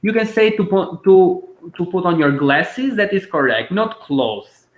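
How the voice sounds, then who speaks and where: A man teaching a language lesson online, patiently explaining and repeating words slowly. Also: high voice, very animated, reverberant, poor audio.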